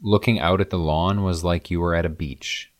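Low-voiced man. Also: steady tone, normal speed, no echo, studio quality. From American Midwest. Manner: chatty, enthusiastic storytelling. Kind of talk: casual chat.

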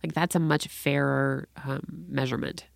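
Low-voiced woman, animated storyteller. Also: moderate pace, creaky, dry recording, clean studio sound. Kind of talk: casual chat.

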